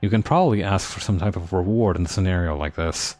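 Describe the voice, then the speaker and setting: A man's voice: sits low, fast talker, darkish tone, faint music behind. A man streaming a game live, reading its text aloud with playful comments.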